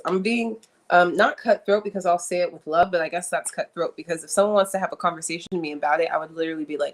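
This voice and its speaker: A young woman hosts a livestream, chatting frankly and animatedly with viewers and often repeating herself for emphasis. She talks fast in a lowish voice, recorded through a streaming setup.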